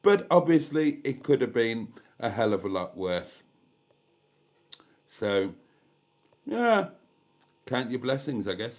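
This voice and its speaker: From a caravan warmed by a gas fire, a man with a stuffy head cold chats casually on a live stream, reading comments aloud with dry, self-mocking asides. His medium-pitched, darkish voice is sing-song and slow, with frequent pauses.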